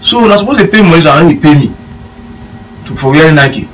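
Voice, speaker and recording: Nigerian Pidgin man, ex-footballer, quick rambling anecdotes, mic set back, faint hum behind. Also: on the high side, expressive. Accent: Nigerian Pidgin English. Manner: rambling anecdotes with quoted dialogue. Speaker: former footballer guest. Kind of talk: casual storytelling chat. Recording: distant mic with faint room noise.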